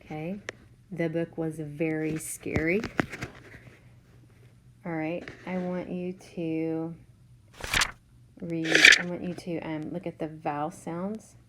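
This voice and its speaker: Woman teacher, low-pitched, patient and slow, noisy recording. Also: little pitch movement. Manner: slow, patient, sounds out letters. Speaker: third grade teacher. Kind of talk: remote spelling lesson.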